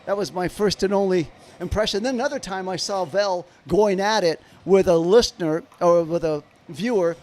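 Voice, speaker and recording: A man's voice: high-pitched, normal speed, hardly any pauses, darkish tone. A man giving live play-by-play of a baseball game on a stream, chatting in rambling asides with viewers. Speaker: livestream baseball commentator.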